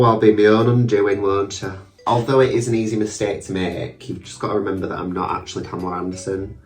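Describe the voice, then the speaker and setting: A man's voice: low voice, roomy sound, distant mic. A young man, chatting casually and mockingly about himself through a drag makeup tutorial, with sweary asides. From England. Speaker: drag queen vlogger.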